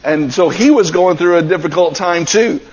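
A man's voice: high-pitched, moderate pace, darkish tone, lo-fi sound. A man preaching a sermon as pastor, earnest and building to emphatic passages.

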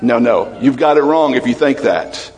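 Emotional preaching man in a reverberant hall. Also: moderate pace. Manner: emotional, animated preaching with laughs and sudden drops to low, quiet tones. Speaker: pastor. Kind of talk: sermon.

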